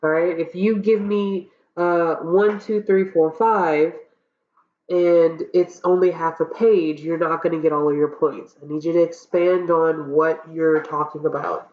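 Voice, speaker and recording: A woman's voice: low-pitched, fairly even intonation, unhurried. A woman college instructor with a stuffy, cold-affected voice walks students through course assignments in a casual way, often checking in with "okay?". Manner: casual, checks in with frequent okays and ums. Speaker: college public speaking instructor. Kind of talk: recorded course walkthrough lecture. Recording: roomy, dull lo-fi recording.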